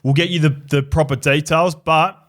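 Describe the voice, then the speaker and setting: A man's voice: a little high, fairly even intonation, moderate pace, a bit bright. A man from New Zealand co-hosting a sports podcast, chatting casually with frequent restarts and swearing. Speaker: podcast co-host.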